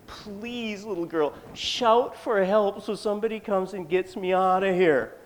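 A storyteller voicing Anansi, a greedy male spider trickster who cries out high and loud. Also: unhurried, a little hiss or hum, lightly acted, poor audio. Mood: pleading.

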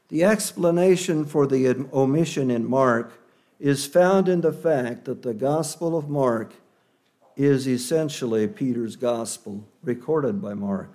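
A man preaching a sermon in an earnest, measured way, leaning hard on key words. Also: fairly high pitch, mellow.

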